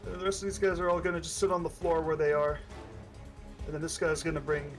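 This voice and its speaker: A man with a fairly high voice runs a tabletop game as game master. He narrates at a brisk clip and bursts into gruff shouting guard lines. Faint music plays underneath. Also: little pitch movement, low-quality recording.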